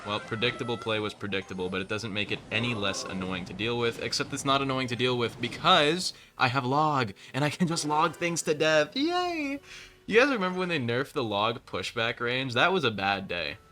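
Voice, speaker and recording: A man giving live commentary over his own gameplay, quick, sarcastic and profane, with joking rants. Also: medium pitch, bright, forceful tone. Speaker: gaming streamer.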